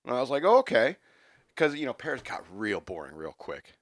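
A man on a comedy podcast telling an absurd made-up story in a deadpan, rambling way, breaking into loud rants. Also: fairly low pitch, fast talker, no echo.

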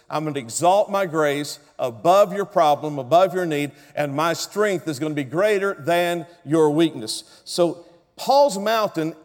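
A man's voice: fairly high pitch, long reverb tail. A man preaching a sermon as pastor, telling stories and calling on the congregation to respond.

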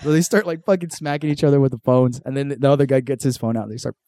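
A man's voice: mid-range voice, fast talker, warm tone, no room sound. A young man, hosting a podcast and telling a story in casual chat, swearing a lot and acting out the voices of people in it. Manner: laid-back storyteller, swears a lot, acts out quotes. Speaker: podcast host.

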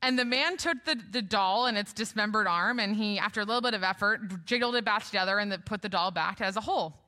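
Young female preacher, bright and forceful, conversational sermon delivery with light humor, reverberant church hall. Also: mid-range voice, quick pace. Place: church sanctuary.

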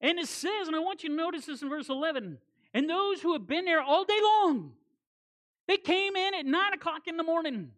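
A woman preaching a sermon as guest preacher, animated, repeating words for emphasis, with conversational folksy asides. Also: very high-pitched, brisk.

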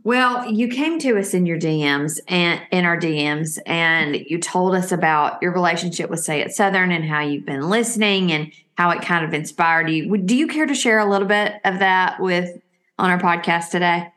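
A woman's voice: lowish voice, normal speed, a bit bright. A woman co-hosting a podcast, asking the guest questions in an upbeat way. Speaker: podcast co-host. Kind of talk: podcast interview.

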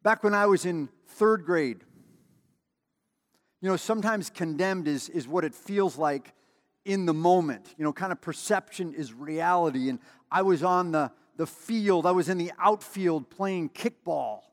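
A man's voice: high voice, measured pace. Guy preaching in a big echoey hall, chatty, tells stories, hammers his points home. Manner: conversational, with emphatic repetition and storytelling asides. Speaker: pastor. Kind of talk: sermon.

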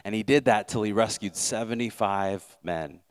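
Brief: male preacher, low voice, earnest sermon delivery with restarts. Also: moderate pace. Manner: earnest, repeats words as he builds a point. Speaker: pastor.

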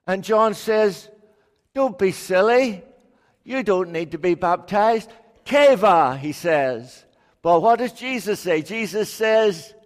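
A man giving a storytelling sermon, playfully acting out the quotes. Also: high voice. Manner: slow, playful, acts out quotes. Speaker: preacher. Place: church. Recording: echoey hall.

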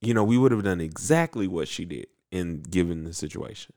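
A man casually recapping an anime episode, animated and acting out the characters in quick voices. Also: deep voice. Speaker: podcast co-host recapping an anime. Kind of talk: casual chat.

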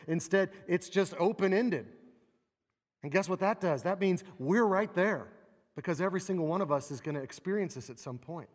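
Man, preacher, sermon, fairly high voice, expressive delivery, long hall reverb. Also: normal speed. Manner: expressive, acts out quoted laments with rising pitch.

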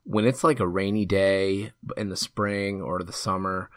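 A man's voice: low voice, fairly even intonation, measured pace, fairly bright tone, no echo, clean studio sound. A man co-hosting a casual podcast, chatty and joking, often trailing off and restarting his sentences. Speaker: podcast co-host. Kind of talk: casual chat.

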